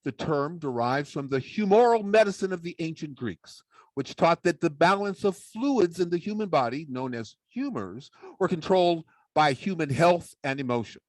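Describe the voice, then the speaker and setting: A man giving a humorous speech in a playful, mock-serious way. His voice is a little high and very animated. The sound is dry and close. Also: moderate pace, no echo. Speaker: public speaking champion giving a talk.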